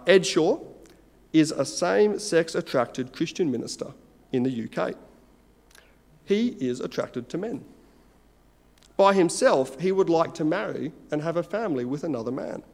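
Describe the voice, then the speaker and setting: An earnest man delivers a sermon at a measured pace with deliberate pauses. His voice sits a little high for a man. A long reverb trails each phrase, as in a large hall. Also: mellow. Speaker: preacher.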